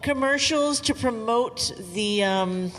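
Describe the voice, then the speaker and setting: A woman's voice: on the high side, slow, background noise. Chatty woman on a convention panel. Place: large convention hall. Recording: long hall reverb.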